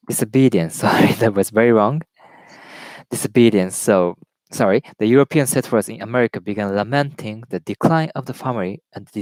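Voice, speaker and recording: Man reading aloud haltingly in English. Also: fairly low pitch, darkish tone, dry recording. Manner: reads aloud haltingly, repeats words, greets viewers. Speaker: live stream host. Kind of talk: casual reading and commentary.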